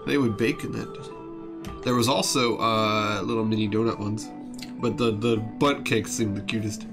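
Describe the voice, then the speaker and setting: A man's voice: fairly low pitch, fairly even intonation, a little slow. A man from the southern United States chatting casually and playfully, with plenty of jokes. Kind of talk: casual chat. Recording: music playing behind.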